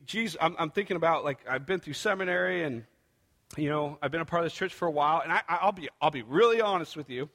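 A man's voice: on the high side, a bit bright. A young adult man preaching a sermon as pastor, candid and earnest, acting out his own prayers. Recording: long hall reverb.

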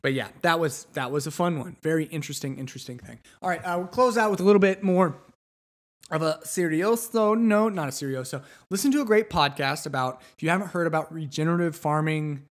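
Male solo podcast host, young adult, slightly high voice, loose rambling delivery. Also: quick pace, few pauses. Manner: rambling, conversational, many restarts and fillers.

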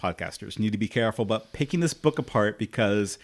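A man's voice: lowish voice, expressive, fast talker. A man co-hosting a podcast in casual chat, sarcastic and critical, full of "like" fillers. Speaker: podcast co-host.

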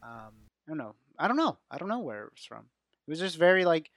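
A man's voice: on the high side, sing-song, fast talker, a bit bright, dry recording, clean studio sound. A man co-hosting a podcast in casual chat, hesitant and searching for words. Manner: hesitant, many fillers and restarts. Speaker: podcast co-host.

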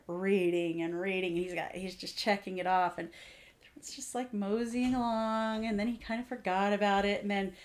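A woman in her forties, chatting with an easy, mid-pitched voice. She tells family stories with animated swings up into her children's voices, keeping a relaxed co-host flow. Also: moderate pace. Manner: animated storyteller, acts out her kids' voices. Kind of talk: casual chat.

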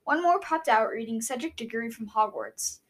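A chatty woman in a casual talk, retelling events with lots of fillers and restarts. Her voice sits a bit high. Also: animated, brisk, low-quality recording. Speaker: co-host recapping a book. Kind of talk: casual chat.

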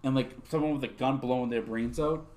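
A man's voice: mid-range voice, brisk, a little mellow. Profane ranting podcast guy from upstate New York. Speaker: podcast co-host. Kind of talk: casual podcast banter.

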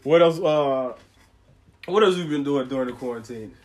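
A man from the United States in casual podcast chat, animated and profane, quick to laugh. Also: medium pitch.

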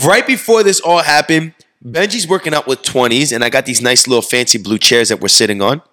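A man hosting a casual podcast as a fitness coach, telling a story and acting out the quotes loudly. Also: medium pitch, fairly quick.

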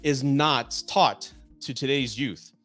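A man's voice: medium pitch, slow, a bit bright, faint music behind. A man with a Southern Texan accent hosting a live-streamed talk show, chatting loosely, swearing casually and reading viewer comments aloud. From South Texas, USA. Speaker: divorce podcast host.

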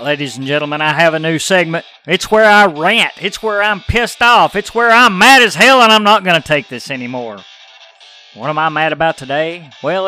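A man's voice: mid-range voice, sharp tone. A middle-aged man hosting a podcast, ranting in an exasperated, profane way. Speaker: podcast host. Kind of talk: casual ranting podcast talk.

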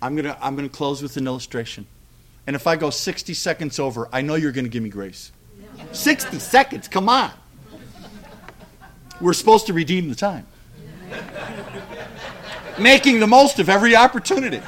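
A middle-aged man preaching a sermon, telling a story with lively acted-out dialogue. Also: fairly high pitch, normal speed, pauses often.

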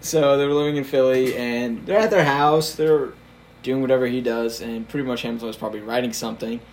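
A man's voice: medium pitch, fairly even intonation, brisk, a little hiss or hum. Young man casually retelling history. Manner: laughs often, storytelling with fillers. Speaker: podcast co-host telling a history story. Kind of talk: casual history podcast chat.

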